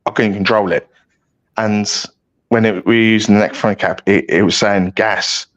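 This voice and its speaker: A British man speaking as a podcast guest, with a fairly low voice. He tells rambling stories in a loose, self-mocking way and often stops and restarts his sentences. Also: fairly even intonation, normal speed, fairly bright tone, dull audio. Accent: British English. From United Kingdom. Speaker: guest paranormal investigator. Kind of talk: casual storytelling chat.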